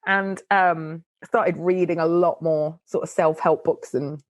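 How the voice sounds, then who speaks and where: Middle-aged woman, podcast guest, lively storyteller, close dry recording. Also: lowish voice, a little slow, dry recording. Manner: animated, chatty storytelling with frequent laughs. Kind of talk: casual interview chat.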